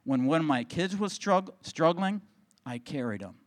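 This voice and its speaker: A middle-aged man, a pastor, telling a personal story in a sermon, swinging from hushed, quiet passages to excited bursts. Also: a little high, moderate pace.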